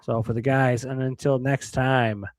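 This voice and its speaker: A man's voice: medium pitch, flat delivery, unhurried. A man co-hosting a sports podcast, talking in casual, laid-back banter with frequent chuckles. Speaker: podcast co-host.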